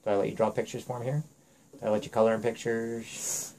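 A man's voice: medium pitch, level tone, fast, warm tone, rough recording. Man, father, firm, earnest, lecturing tone, at home. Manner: firm, lecturing, repeats "okay?". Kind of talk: earnest talk with his young daughter.

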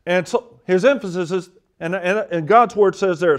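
A man's voice: high-pitched, moderate pace, few pauses. A man preaching a sermon, reading scripture aloud and stressing key words again and again. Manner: emphatic, repeats and stresses words; reads scripture and quotations aloud.

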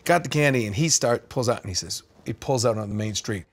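A middle-aged man co-hosting a casual video game chat, telling an animated story and acting out the people in it. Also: medium pitch, brisk. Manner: animated storyteller who acts out the people in his stories. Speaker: co-host.

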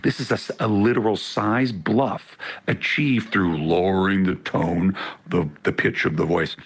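A middle-aged man with a gravelly voice, explaining things in a measured way as an interview guest. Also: sits low, fairly even intonation. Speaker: author guest. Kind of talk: interview conversation.

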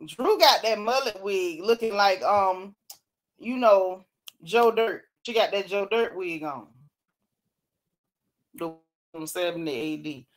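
A woman's voice: mid-range voice, takes it slowly, pauses often. A woman hosting a casual chat, reading out comments from viewers and laughing often. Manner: animated, laughing, Southern-style slang. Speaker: host.

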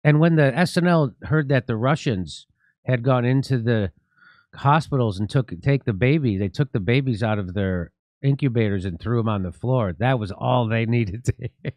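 Middle-aged man, host, sarcastic political talk, deadpan jokes, dry close sound. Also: mid-range voice, normal speed, dry recording. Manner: mocking, deadpan jokes, laughs at own lines.

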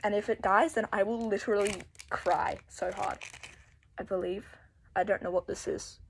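A teenage girl from Australia unboxing a mask, gushing and breathless, shaky with excitement and swearing often. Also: mid-range voice, moderate pace, creaky, a little hiss or hum, poor audio. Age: teens.

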